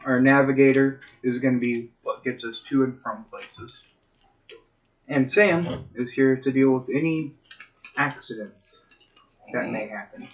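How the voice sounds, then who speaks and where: A man's voice: mid-range voice, poor audio. Man running an ominous tabletop game. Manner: ominous, deliberate scene-setting. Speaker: game master. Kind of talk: narrating a tabletop horror game.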